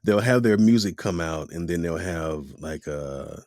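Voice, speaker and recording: A man's voice: low-pitched, measured pace, no room sound. A man, a voice actor, chatting casually in an interview and acting out quoted voices as he talks. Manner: animated, acts out quoted voices. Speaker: voice actor guest.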